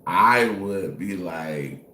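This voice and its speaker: A man's voice: low voice, expressive, very slow, bright, forceful tone, reverberant, a little hiss or hum. A man co-hosting, talking in a laid-back, slangy way. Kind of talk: casual chat.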